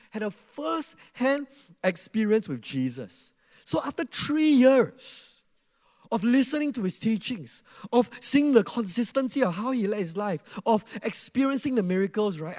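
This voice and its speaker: A man preaching a sermon in an animated way, asking the audience questions and acting out quotes. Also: high-pitched, long reverb tail.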